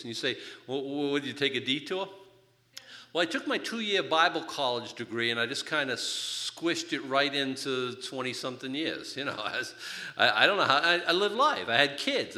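An older man preaching a sermon, telling his own story in an animated, joking way. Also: medium pitch. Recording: reverberant hall.

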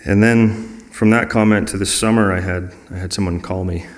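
A man's voice: sits low, fairly even intonation, moderate pace. A man sharing personal stories in an earnest, reflective way during a conversational talk. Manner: earnest and reflective, acting out quoted dialogue.

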